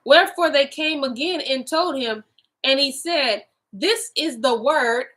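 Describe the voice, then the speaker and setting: A woman hosting a casual Bible study, reading scripture aloud slowly with restarts and slangy asides. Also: sits high, fairly bright tone, low-quality recording.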